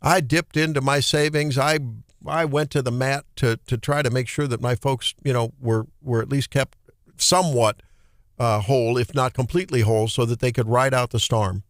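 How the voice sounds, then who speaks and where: A man hosting a political talk radio show with a Midwestern American accent, talking in an animated, indignant way and often restarting his sentences. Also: medium pitch, moderate pace, dry recording, studio quality.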